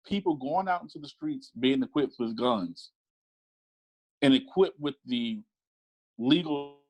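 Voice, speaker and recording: A middle-aged man who once worked as a police officer, speaking earnestly in a panel discussion and growing animated as he tells a story. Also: mid-range voice, unhurried, pauses often, rough recording.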